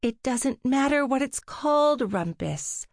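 A woman's voice: high-pitched, expressive, a little slow, no echo, studio quality, pitched above the performer's own voice. A woman voicing a patient, sympathetic young woman witch in an audiobook, speaking firmly with sighs. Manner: firm, sighing.

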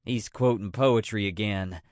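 A male narrator voicing a curious, sharp-tongued adult woman in a slightly raised, pointed tone. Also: on the high side, very animated, measured pace, no echo, clean studio sound. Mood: skeptical.

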